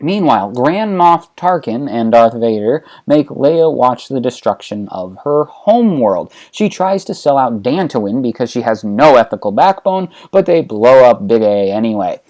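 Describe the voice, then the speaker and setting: Brief: male comedy narrator, casual and offhand, lively pitch. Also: moderate pace, hardly any pauses. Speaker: host and narrator.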